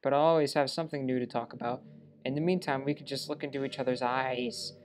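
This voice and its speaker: A man's voice: mid-range voice, steady tone, fast talker, a little hiss or hum, lightly acted. Monika, a lovestruck game girl, read by a man. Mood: sweet. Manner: reads character lines in his own voice with small stumbles. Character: lovestruck young woman game character, obsessive. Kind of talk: let's play reading game dialogue aloud.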